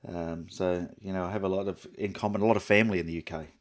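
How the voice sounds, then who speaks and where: Chatty and meandering, a middle-aged Australian photography livestreamer keeps restarting and filling gaps with ums. He speaks at a quick pace in a low, steady-toned voice during this casual stream chat.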